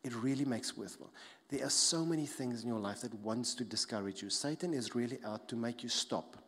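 A man preaching a sermon as a pastor, emphatic, repeating key phrases and dropping soft to stress them. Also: medium pitch, brisk, slightly rough. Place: church hall. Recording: long hall reverb.

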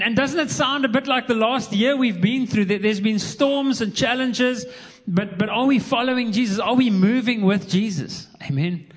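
High-voiced pastor preaching in a hall. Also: male voice. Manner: earnest, repeats words when emphasizing. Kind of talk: sermon. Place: church hall. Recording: long hall reverb.

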